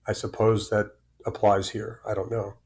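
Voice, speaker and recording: Older man, 60s, fairly low voice, candid guest, rambling storyteller. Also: level tone, normal speed, vocal fry, darkish tone. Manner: open, rambling, repeats words. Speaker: podcast guest.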